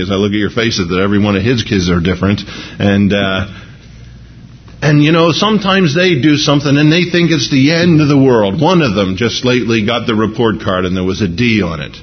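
A man's voice: lowish voice, brisk, slight background noise. A middle-aged man preaching a conversational sermon to a live congregation, often asking "you know what I mean" and acting out the people he quotes. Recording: dull lo-fi recording.

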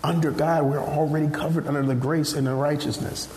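A man preaches with animated storytelling in a voice pitched a little high. He slips into acted-out voices along the way. He sounds like he is in an echoey hall with a long reverb and faint ambience behind him. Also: brisk, slight background noise. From Nigeria. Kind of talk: sermon.

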